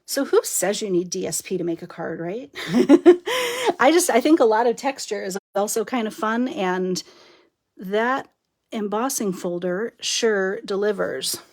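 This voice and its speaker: A woman's voice: medium pitch, measured pace. Middle-aged woman, live craft demo host, easygoing and chatty, laughs between steps. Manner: chatty, laughs often, talks while working. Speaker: card-making demonstrator.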